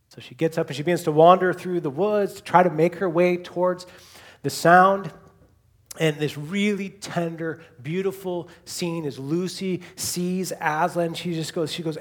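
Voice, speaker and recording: Husky-voiced male preacher. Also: fairly high pitch, steady tone, normal speed. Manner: builds to emphatic repetition, then drops to a near whisper. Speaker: pastor. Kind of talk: sermon.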